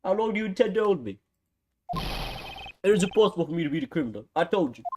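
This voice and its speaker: A man's voice: mid-range voice, expressive, racing, noisy background, lightly acted. A man voicing a haughty, impatient male art dealer with an exaggerated foreign accent and broken grammar. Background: game music.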